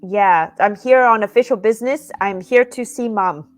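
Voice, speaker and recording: A woman's voice: medium pitch, moderate pace, soft background music. A woman player in a tabletop game, speaking in character, hesitant with many ums.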